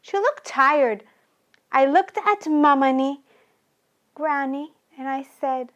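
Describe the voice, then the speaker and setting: Woman, high voice, unhurried theatrical monologue, speaking as a child. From Iran. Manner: speaks as her child self, repetitive and plaintive. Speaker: storyteller. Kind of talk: theatrical first-person monologue.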